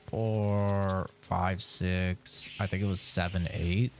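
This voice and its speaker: A man's voice: low-pitched, level tone, takes it slowly, a little hiss or hum. A man streaming a video game, rambling through a casual story with lots of fillers and swearing.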